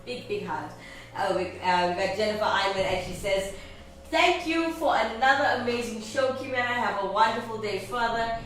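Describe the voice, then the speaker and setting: A woman's voice: fairly high pitch, moderate pace, a bit bright. A woman hosting a live show, reading viewer comments and signing off in an affectionate, gushing way. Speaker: host. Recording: echoey room, distant mic, background noise.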